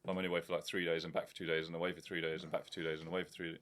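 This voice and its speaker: A man's voice: sits low, little pitch movement, rapid-fire, fairly bright tone. A young man co-hosting a podcast, chatting casually with dry, teasing banter and the odd swear word. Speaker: podcast co-host. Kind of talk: casual chat.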